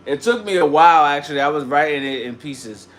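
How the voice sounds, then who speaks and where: A man's voice: a little high, brisk, a bit bright. A man hosting a casual livestream, ranting and chatting in slang and greeting viewers by name. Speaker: livestream host.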